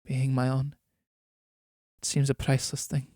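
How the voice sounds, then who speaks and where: A man voicing a noble, selfless countess in a quiet, solemn and restrained way. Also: mid-range voice, monotone, a little slow, no echo, studio quality, lightly acted.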